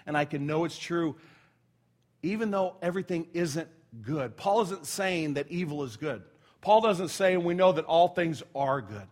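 Preaching at a moderate pace, a middle-aged male pastor speaks in an animated voice on the high side. His sermon feels conversational, full of asides and self-corrections, and he sinks almost to a whisper for a quiet story.

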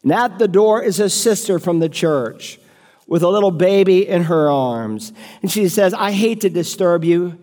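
High-voiced preacher in a reverberant church. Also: male voice, expressive, moderate pace, a little mellow. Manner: emphatic, rhetorical preaching. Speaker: pastor. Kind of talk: sermon. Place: church sanctuary.

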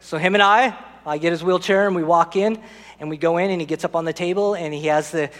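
A man's voice: fairly high pitch, fast, a bit bright, long reverb tail. A man preaching a sermon as pastor, telling a personal story and speaking directly to the congregation.

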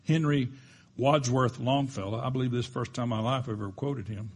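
A man delivering a sermon in a church with a husky, breathy voice of middling pitch. He preaches emphatically, building up to forceful peaks before dropping back down. Now and then he tosses in a playful aside. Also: steady tone, moderate pace, long pauses. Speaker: pastor.

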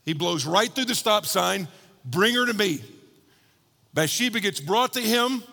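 A man preaching a sermon, telling a story with lively quoted voices and shifting from bold to hushed. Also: sits high, unhurried, gravelly, big-room sound. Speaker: pastor.

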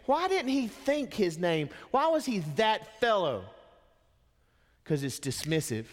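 A man preaching a sermon as a dramatic storyteller, dropping to a hush and then rising to impassioned emphasis. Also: high voice, big pitch swings, takes it slowly. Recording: long hall reverb.

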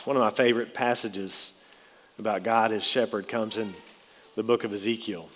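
A man preaching a sermon and reading scripture aloud, slowing down and stressing key words in an earnest way. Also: fairly low pitch, fairly even intonation, a bit bright. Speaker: pastor. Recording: long reverb of a large hall.

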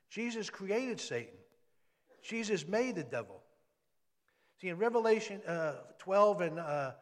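Man preaching in a reverberant hall. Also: sits high. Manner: conversational preaching with emphatic rises. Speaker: pastor. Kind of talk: sermon.

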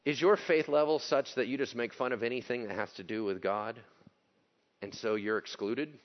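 Male pastor, conversational sermon, animated, joking, dull recording. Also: mid-range voice, moderate pace. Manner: animated, joking, acts out quotes.

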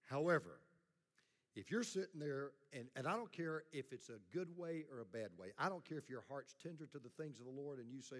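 A man's voice: a little high, lively intonation, moderate pace. A middle-aged male pastor preaching a sermon in a blunt, plain-spoken way, leading the congregation in call-and-response. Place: church sanctuary. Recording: long hall reverb.

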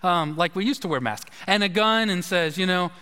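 A pastor with a notably high voice delivers his sermon in a relaxed, chatty manner, spinning stories and tossing in asides. His words ring out with a long reverb, as if in a large church sanctuary. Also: normal speed, clear, resonant tone. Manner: conversational, storytelling with asides.

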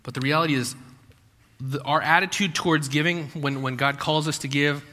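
Male pastor, sermon, conversational, rhetorical questions, bright tense voice, long hall echo. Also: a little high, steady tone, moderate pace.

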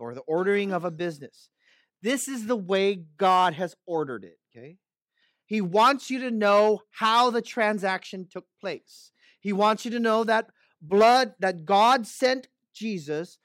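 A man's voice: high voice, fairly bright tone, no room sound. A male pastor giving an earnest expository sermon, often checking in with his listeners and building to impassioned rhetorical questions.

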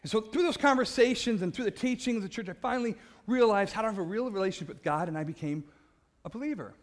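A man giving a personal faith testimony, an animated storyteller who laughs at himself and trips over repeated words, passionate and loud by his own account. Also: high-pitched, fast.

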